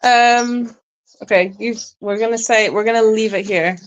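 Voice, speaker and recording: A woman's voice: on the high side, steady tone, normal speed, dry recording. A woman co-hosting a casual livestream, cheerful and chatty, reading out viewer messages and laughing easily. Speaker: sanctuary co-host.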